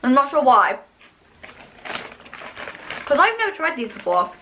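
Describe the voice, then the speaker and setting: Bright-voiced young woman vlogging. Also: sits high, very animated, measured pace, a little hiss or hum. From United Kingdom. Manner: chatty, enthusiastic, rambling with fillers. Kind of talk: casual food review vlog.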